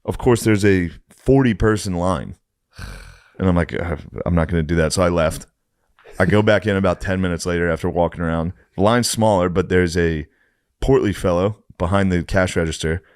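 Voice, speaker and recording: Low-voiced man telling a profane story. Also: moderate pace, no echo, studio quality. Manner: profane, exasperated, animated retelling. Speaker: podcast co-host. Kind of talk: casual storytelling.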